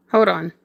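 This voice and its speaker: A young woman chatting casually on a craft livestream, greeting and thanking viewers with frequent giggles.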